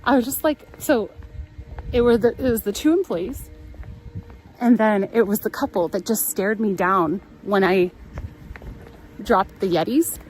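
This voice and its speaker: A woman's voice: medium pitch, a little slow, pauses often, a little mellow, faint music behind, poor audio. A woman with a Californian accent, hosting a live travel stream and telling a rambling story from inside a car, laughing often. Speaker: travel livestream host. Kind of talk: casual chat while driving.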